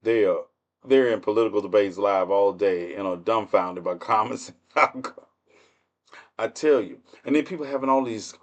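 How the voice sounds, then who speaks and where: A man's voice: lowish voice, normal speed. A man hosting a livestream with casual political commentary, speaking in with a mocking, laughing, rhetorical manner. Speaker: livestream host.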